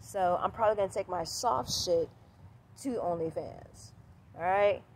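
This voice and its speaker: Animated woman vlogging outdoors, light noise. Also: lowish voice, measured pace. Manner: animated, repetitive, swears freely. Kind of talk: casual vlog monologue. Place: outdoors at sunset.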